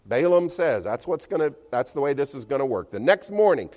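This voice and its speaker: Man preaching, chatty storytelling, mid-pitched voice, echoing church. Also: very animated, a little fast, darkish tone. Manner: conversational storytelling with chuckles. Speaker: pastor. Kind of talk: sermon. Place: church hall. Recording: long church-hall reverb.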